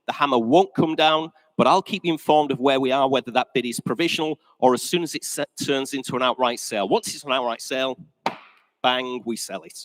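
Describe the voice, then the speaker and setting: A man's voice: mid-range voice, no echo, poor audio. A male auctioneer, chatty and jokey, slightly out of breath as he opens a live auction sale. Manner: chatty, jokey, addresses the room as ladies and gentlemen. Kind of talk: live auction opening announcements. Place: large indoor auction sale room.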